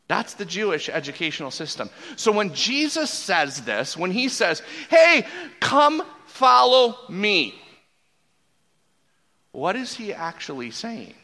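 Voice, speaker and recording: A man's voice: sits high, sharp tone. A man in his forties preaching a sermon as a pastor, casual and joking, often restarting his sentences. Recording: long reverb from a large hall.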